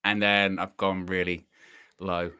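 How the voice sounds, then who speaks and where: A man's voice: low-pitched, little pitch movement, takes it slowly, pushed and bright, clean tone. A man co-hosting a casual football podcast, thoughtful and hedging with many fillers. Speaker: co-host.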